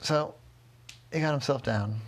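A man telling his daughter an improvised bedtime story, gentle and rambling, often correcting himself. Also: medium pitch, measured pace.

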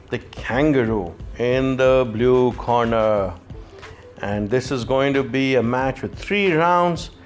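A man telling a playful children's story in the manner of a boxing commentator. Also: on the high side.

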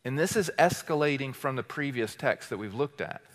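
A man preaching as a teaching pastor, firing rhetorical questions at the congregation and swinging between loud declarations and quiet asides. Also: medium pitch, lively intonation, a little fast. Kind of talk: sermon. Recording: long hall reverb.

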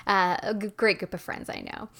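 A woman from Michigan telling a story in casual chat, animated and chatty, often laughing between sentences. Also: mid-range voice, a little fast, creaky.

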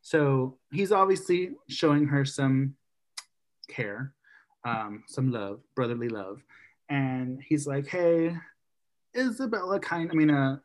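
A man co-hosting a casual podcast, retelling a story in an animated way and acting out the characters' lines. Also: mid-range voice, slow pace.

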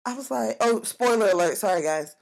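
A woman's voice: medium pitch, lively intonation, moderate pace, a little hiss or hum. A young woman from Africa co-hosting a podcast, chatting candidly and casually with plenty of slang. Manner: candid, slangy, laughs easily. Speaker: podcast co-host. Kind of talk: casual chat.

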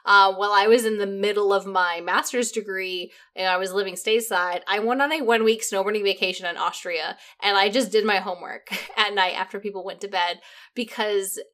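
A woman's voice: medium pitch, steady tone, a little fast, fairly bright tone. A woman co-hosting a podcast in a casual, chatty way, laughing easily between points. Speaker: podcast co-host.

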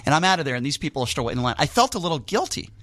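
A man's voice: fairly high pitch, big pitch swings, no echo. A male radio talk show host chatting casually, self-deprecating in manner. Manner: fast, self-deprecating, bright delivery. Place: radio studio.

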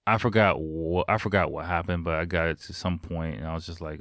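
Man, low pitch, dry close-miked sound, candid storyteller, reflective and blunt. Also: fairly even intonation, brisk, fairly bright tone, no room sound. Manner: frank, reflective, casual swearing.

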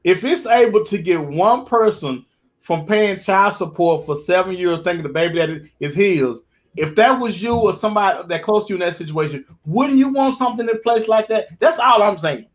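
A man co-hosting a casual live chat, animated and teasing, joking often. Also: sits high, normal speed. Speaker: co-host.

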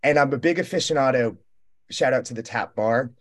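A young man in a relaxed roundtable chat, spinning a long story in a loose, profane, rambling way. He keeps slipping into the voices of the people he met and quoting them. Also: mid-range voice, a little fast. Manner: rambling, profane, animated storytelling with quoted dialogue. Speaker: roundtable guest. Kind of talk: casual storytelling.

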